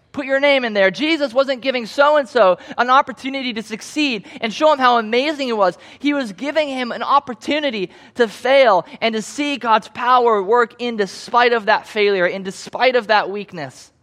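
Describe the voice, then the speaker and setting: A man's voice: very high-pitched, expressive, normal speed, fairly bright tone. A young man preaching a sermon in a conversational, storytelling way, acting out the voices of the people he quotes.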